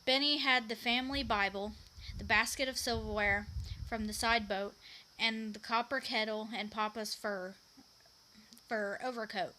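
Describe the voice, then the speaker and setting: Woman reading a story aloud, bright tone, slightly high, frequent restarts. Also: steady tone, a little slow, slight background noise, low-quality recording. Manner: stumbles, restarts and repeats words. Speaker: reader.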